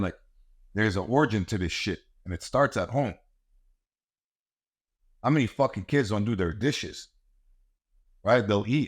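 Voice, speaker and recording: Blunt, profane man ranting. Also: lowish voice. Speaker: podcast host and martial arts coach. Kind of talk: ranting monologue.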